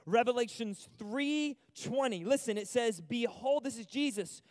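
Animated high-voiced man preaching a sermon. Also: fairly quick, few pauses, dry recording, clean studio sound. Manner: animated, swings from loud to hushed. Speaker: youth pastor. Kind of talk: energetic sermon. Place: church service stage.

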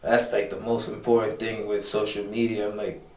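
Low-voiced male co-host, earnest and filler-heavy, distant roomy mic. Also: level tone, moderate pace, a little mellow. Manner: earnest, many fillers like "you know". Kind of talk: heart-to-heart conversation.

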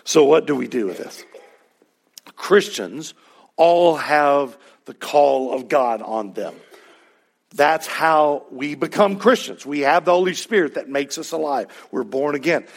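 A male pastor preaching a sermon in a conversational, emphatic way, with sudden loud peaks. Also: fairly high pitch, lively intonation, unhurried, gravelly.

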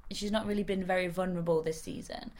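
Animated woman chatting. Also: on the low side. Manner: animated, laughs often, quick asides. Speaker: podcast co-host. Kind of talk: casual chat about a TV show.

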